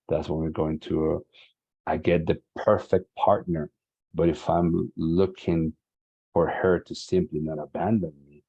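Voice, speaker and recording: Deep husky man from Latin America. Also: warm tone, rough recording. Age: 40s. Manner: earnest, emphatic, repeats key words. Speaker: summit speaker. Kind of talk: motivational talk.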